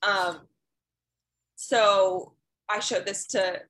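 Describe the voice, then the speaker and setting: Bright chatty young woman co-host. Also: mid-range voice, drawn-out words, rough recording. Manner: chatty, animated storytelling with many fillers. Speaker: podcast co-host. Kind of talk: casual chat.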